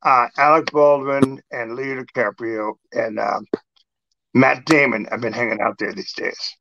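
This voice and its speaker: A middle-aged man hosting a casual chat, an animated storyteller who acts out exchanges. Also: mid-range voice, measured pace, creaky, no echo. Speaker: podcast host. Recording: dull lo-fi sound.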